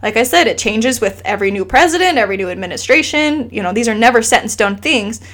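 A woman's voice: fairly high pitch, fast talker. A woman in her thirties, a guest telling a personal story in casual conversation, earnest and emotional, acting out what others said. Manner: animated, quotes others in lively asides.

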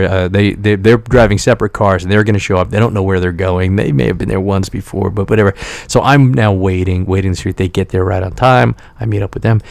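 Gravelly low-voiced man telling a story. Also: darkish tone, dry recording. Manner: candid and self-critical, acting out quoted exchanges. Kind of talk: casual personal storytelling.

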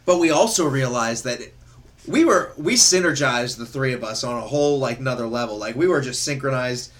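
A young man chatting casually, telling profane, animated stories with bursts of laughter. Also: mid-range voice, a little fast. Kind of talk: casual chat.

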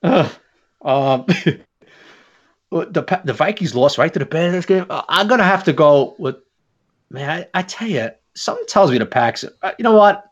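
A man co-hosting a sports podcast in casual chat, laughing often and filling pauses with "uh.". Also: fairly high pitch, lively intonation, dull audio. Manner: laughs often, trails off with fillers. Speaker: podcast co-host.

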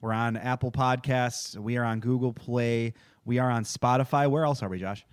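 Smooth-voiced, joking man podcast host. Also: medium pitch, fairly even intonation, moderate pace, no room sound, clean studio sound. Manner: joking, loose, a little tipsy. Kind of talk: casual chat.

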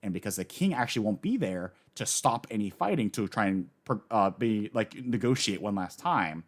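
A man in casual chat, recapping a story with lively enthusiasm and acting out the characters he quotes. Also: lowish voice, normal speed. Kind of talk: casual manga discussion.

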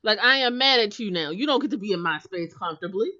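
A woman co-host speaking bluntly, her pitch rising and falling widely as she holds her ground. Her tone is bright and forthright, heard through a slightly muffled, lo-fi microphone. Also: animated, fast. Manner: blunt, firm opinions. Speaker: podcast co-host. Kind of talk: casual chat recapping a TV show. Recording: slightly dull, lo-fi mic.

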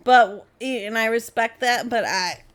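A woman's voice: on the high side, slow, a crowd in the background. A woman co-hosting a casual podcast, giving blunt, joking advice. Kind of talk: casual chat.

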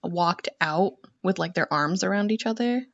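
A woman's voice: lowish voice, moderate pace, no echo, muffled recording. A woman co-hosting a podcast, giving blunt opinions and swearing freely in casual chat. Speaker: podcast co-host. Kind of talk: casual chat recapping a reality show.

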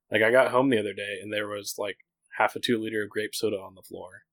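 A man's voice: lowish voice, flat delivery, very fast, a bit bright, no echo, rough recording. A man in his thirties, co-hosting a podcast, talking candidly in a rambling casual chat full of "like" fillers. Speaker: podcast co-host.

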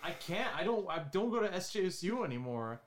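A man in casual podcast chat who tells stories in an animated way and swears often. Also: high voice, brisk. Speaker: podcast guest.

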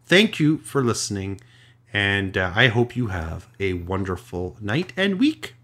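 A man's voice: lowish voice, measured pace. Canadian man telling a story. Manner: animated, self-deprecating storyteller. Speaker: podcast host. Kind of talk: casual storytelling chat.

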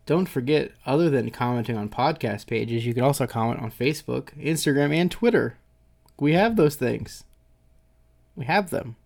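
A young man co-hosts a sports podcast with a gravelly, creaky edge. He talks in a laid-back, teasing way. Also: medium pitch, lively intonation, normal speed, a little mellow. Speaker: podcast co-host. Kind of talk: casual sports podcast banter.

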